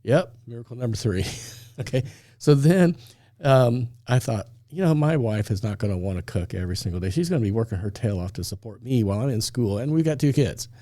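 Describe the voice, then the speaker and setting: A man's voice: mid-range voice, lively intonation, brisk, dark tone. A middle-aged man from Indiana telling a personal story in casual podcast talk, laughing often and acting out the dialogue.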